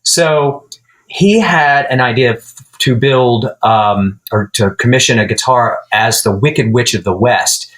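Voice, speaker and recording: A man who builds guitars, a podcast guest telling a long story in a relaxed, chatty way. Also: medium pitch, unhurried, low-quality recording. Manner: relaxed storyteller who acts out quoted dialogue. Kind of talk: casual storytelling interview.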